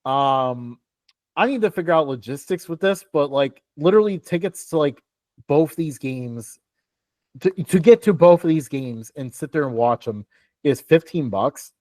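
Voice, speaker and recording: A man's voice: a little high, expressive, measured pace, darkish tone, no room sound, studio quality. A young man co-hosting a casual sports talk show, rambling with lots of fillers and laughs. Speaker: podcast co-host.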